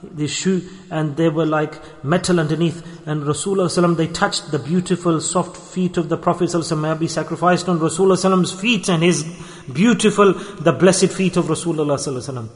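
A high-pitched male preacher tells a story with fervent feeling, swelling to urgent, pleading peaks and sinking to gentle near-whispers. His voice rings out with a long reverb tail, as if filling a large hall. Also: fast talker. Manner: impassioned, rising to anguished pleas and dropping to soft hushed asides. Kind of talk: emotional sermon storytelling.

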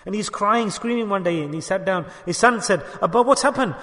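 High bright-voiced male preacher, echoing hall. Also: brisk. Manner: impassioned, rising to loud emphatic peaks. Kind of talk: sermon storytelling. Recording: long hall reverb.

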